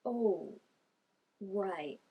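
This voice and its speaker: Young female reaction vlogger, mid-pitched, talkative, excitable, heavy on "like", quick to laugh. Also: husky, narrow, tinny audio. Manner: gushing, chatty, laughs often, many "like" fillers. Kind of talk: casual reaction commentary.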